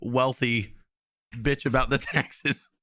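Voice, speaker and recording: A man's voice: medium pitch, steady tone, slow, bright, forceful tone. A young man co-hosting a podcast, joking and swearing in casual chat, laughing often. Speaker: podcast co-host.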